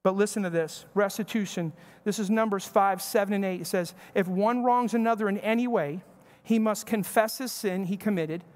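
A man's voice: high-pitched, normal speed, hardly any pauses, darkish tone. Man preaching in a reverberant church. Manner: conversational preaching with acted-out family dialogue. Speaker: pastor. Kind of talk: sermon. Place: church sanctuary.

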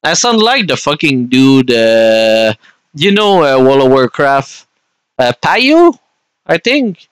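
Slow-talking French Canadian man gaming. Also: medium pitch, big pitch swings, clear, resonant tone, dry recording. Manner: rambling and chatty, talks to viewers while playing. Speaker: gaming streamer. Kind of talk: casual gameplay commentary.

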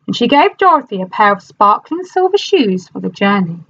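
A woman teacher reading a storybook aloud to her class in an animated, expressive manner. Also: medium pitch, normal speed, breathy edge, dull audio.

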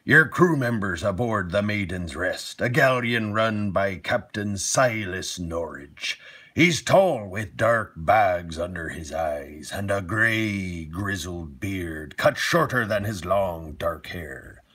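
A man putting on a gruff pirate storyteller. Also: low-pitched, animated, slow, sharp tone, pitched below the performer's own voice, exaggerated voice. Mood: brooding.

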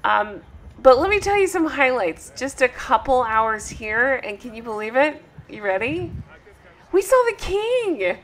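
Woman, travel vlog host, excited chatty gushing, tired from travel, bright voice, travel mic. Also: fairly high pitch, a little hiss or hum. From United States.

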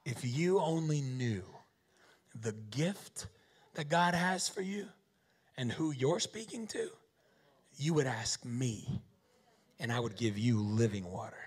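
A man voicing a calm, gentle male teacher who speaks slowly and softly. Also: medium pitch, slightly rough, pitched below the performer's own voice, exaggerated voice. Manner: slow, measured, soft.

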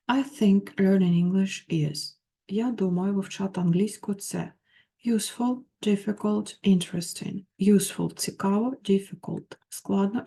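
Woman tutor, mellow, reads English then translates. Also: medium pitch, creaky, slightly rough. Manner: reads English phrases then translates them, with small slips. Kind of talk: textbook walkthrough, reading and translating.

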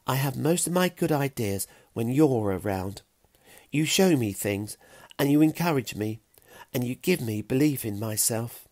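A man voicing Fiona, a bright and bashful Stone Age girl who speaks softly but briskly. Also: medium pitch, expressive, dry recording, pitched above the performer's own voice. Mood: tender. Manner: soft and warm, briskly practical.

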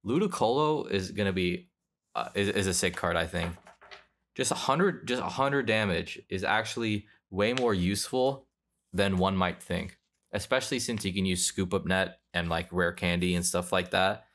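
A man's voice: low voice, normal speed, fairly bright tone, a little hiss or hum. A young man chatting casually while opening trading card packs, rambling and correcting himself as he goes. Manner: rambling, offhand, self-correcting. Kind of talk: casual pack-opening commentary.

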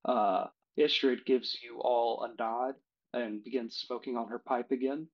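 A man running a tabletop game as game master, narrating in a relaxed way with many fillers and self-corrections. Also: medium pitch, unhurried, dull audio.

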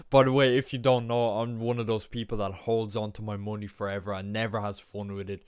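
A young man, a gaming channel host, giving casual gameplay commentary, excitable and self-mocking, often breaking into exclamations. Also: lowish voice, clear, resonant tone, no room sound, clean studio sound. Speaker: gaming YouTuber.

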